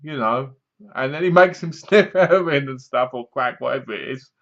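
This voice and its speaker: A man's voice: medium pitch, normal speed, fairly bright tone. A man casually reviewing a film to his webcam, retelling the plot in a rambling way and laughing at the jokes. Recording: dull lo-fi webcam audio.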